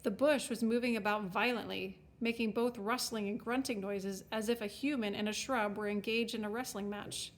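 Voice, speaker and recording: A woman reading a storybook aloud, with wry, expressive scripted narration. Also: mid-range voice, moderate pace, hardly any pauses. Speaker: audiobook narrator.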